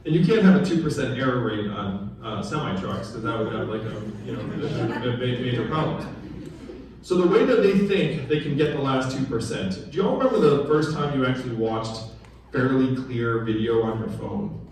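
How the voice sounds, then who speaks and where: Heard from afar over a noisy background, a man with an animated, medium-pitched voice speaks at a moderate pace. He's a political candidate giving a conversational campaign speech at a town hall in a large, very echoey room, putting questions to the audience.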